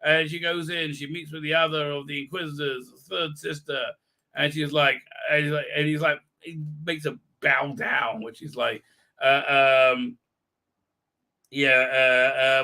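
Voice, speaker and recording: A man's voice: on the high side, level tone, a little slow. A man hosting a casual live stream, rambling through a recap with profanity, sarcasm and lots of fillers. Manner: acts out characters' lines in shouted voices. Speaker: live-stream show host.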